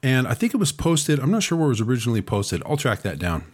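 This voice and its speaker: A man at a middle pitch hosts a talk radio news and commentary show while he recovers from a cold. He speaks around a lozenge, leans on "uh" fillers and drops sarcastic asides. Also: sing-song, quick pace, darkish tone. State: recovering from a cold, talking with a lozenge in his mouth.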